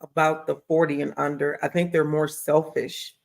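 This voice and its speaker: A woman's voice: low-pitched, level tone, normal speed, vocal fry. A woman hosting a talk show, chatting casually and reading out viewer comments. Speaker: host.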